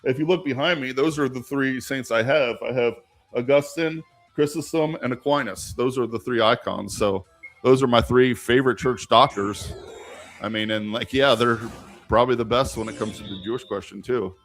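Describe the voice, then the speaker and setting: A man's voice: medium pitch, moderate pace, soft background music. A young man from rural southern Ohio hosting a casual live-stream Q&A, rambling and argumentative with many restarts. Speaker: livestream host answering viewer questions. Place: home room with icons on the wall.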